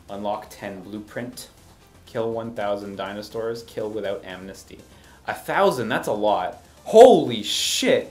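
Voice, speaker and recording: A man giving casual game review commentary, sarcastic and exasperated, breaking into animated rants. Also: lowish voice.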